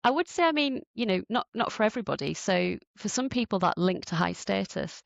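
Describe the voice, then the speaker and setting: A woman researcher calmly explaining research findings in a podcast interview. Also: medium pitch, brisk, vocal fry, no room sound, dull audio. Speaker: researcher guest.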